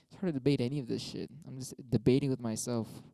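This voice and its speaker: A man's voice: mid-range voice, fairly even intonation, fast, creaky, warm tone, no room sound. A young man talking casually on a stream, arguing both sides of debate prompts with himself in a rambling, profane way. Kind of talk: casual solo monologue.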